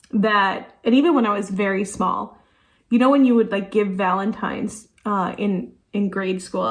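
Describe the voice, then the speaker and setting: A woman in her thirties, a teacher and beauty vlogger, chatting casually and thinking aloud while doing her makeup. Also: mid-range voice. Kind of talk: casual makeup tutorial chat.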